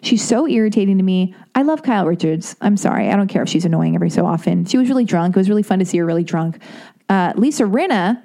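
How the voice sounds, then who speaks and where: Speaking quickly at a medium pitch with vocal fry, a woman in her thirties rambles through a casual monologue. Getting worked up, she stutters, restarts, and cuts herself off, all with lively energy. She performs other people's words in put-on voices.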